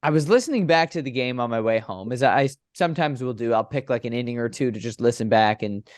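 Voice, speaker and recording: Young guy broadcaster telling stories, middle pitch, gets animated when he acts out his calls. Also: quick pace, no echo. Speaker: baseball play-by-play broadcaster. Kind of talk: casual podcast interview storytelling.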